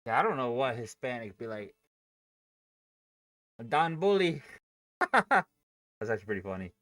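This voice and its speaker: A man's voice: medium pitch, very animated, measured pace, a bit bright, dry recording. A man hosting a day-trading livestream, chatting casually, joking and swearing. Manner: joking, loose and profane.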